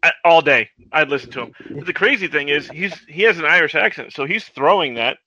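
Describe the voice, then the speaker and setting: A man co-hosting a podcast, chatting in a relaxed, amused way about a film. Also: fairly high pitch, fairly quick, muffled recording. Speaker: podcast co-host. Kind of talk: casual film-review chat.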